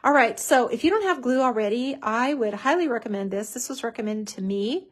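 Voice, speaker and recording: A chatty woman hosts a live craft tutorial with a bubbly, easygoing manner. Her voice sits a little high, and she leans on fillers as she talks. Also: animated, fairly quick.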